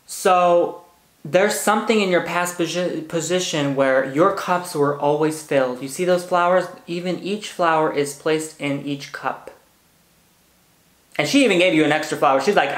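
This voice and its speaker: A man's voice: on the high side, steady tone, normal speed, reverberant. A man giving a pick-a-card tarot reading, bubbly and hyper, gushing and repeating words. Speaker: tarot reader.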